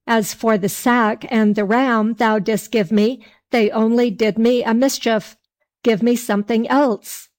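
Woman doing a cranky drunk peasant guy from a folk tale, slow storybook read. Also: a little high, fairly even intonation, a little mellow, close to an everyday voice. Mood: angry. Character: hot-tempered drunken peasant man.

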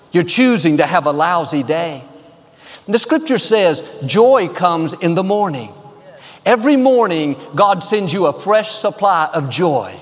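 A man preaching a sermon as a pastor, upbeat and encouraging, with rhythmic repetition. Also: high-pitched. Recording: live hall with long reverb and faint music.

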